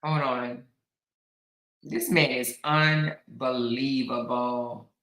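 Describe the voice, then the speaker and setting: A woman's voice: extremely low pitch, fairly even intonation, drawn-out words, a bit bright, echoey room, rough recording. A woman hosting a casual live stream, chatting with viewers in an exclamatory way. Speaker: commentary host reviewing court recordings.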